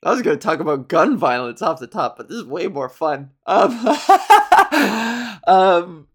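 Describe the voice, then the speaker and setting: A woman's voice: on the low side, sing-song, measured pace, husky. A woman hosting a solo podcast, chatting casually in a rambling, jokey way, full of ums and self-corrections. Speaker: podcast host.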